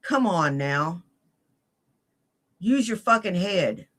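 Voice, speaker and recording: A woman's voice: fairly low pitch, lively intonation, slow, fairly bright tone. A woman in a played clip, ranting furiously and cursing heavily as she accuses someone. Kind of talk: angry profane rant.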